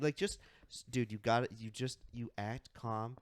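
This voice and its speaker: Man, podcast co-host, mid-pitched voice, dry sound, joking casual chat. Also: steady tone, normal speed, no echo. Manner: joking, acts out quoted lines.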